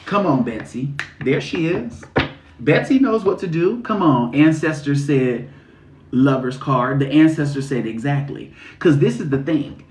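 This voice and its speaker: A man's voice: on the high side, lively intonation, a little slow, a little mellow, slight background noise. Sassy slangy man reading for viewers. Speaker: spiritual reader. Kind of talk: livestream tarot reading. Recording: echoey room.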